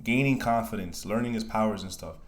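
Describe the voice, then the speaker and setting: A man with a fairly low voice chats casually on a podcast, relaxed and a bit rambling. He talks things through at an easy pace, with plenty of fillers and restarts. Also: a little fast. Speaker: podcast co-host. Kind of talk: casual chat.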